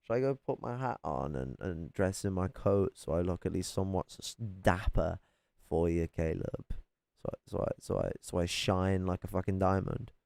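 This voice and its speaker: A man ranting angrily and profanely as he reacts to political clips from his flat. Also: low-pitched, moderate pace, vocal fry, no echo. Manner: angry, profane, confrontational.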